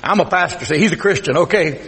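Brief: Texas-accented male pastor, folksy sermon, high voice, long hall reverb. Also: fast talker. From South Texas. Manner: folksy preaching, swings from loud to hushed.

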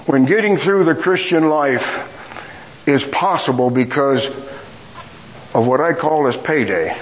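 A man's voice: a little high, poor audio. A middle-aged man preaching a storytelling sermon, with folksy, self-mocking humor.

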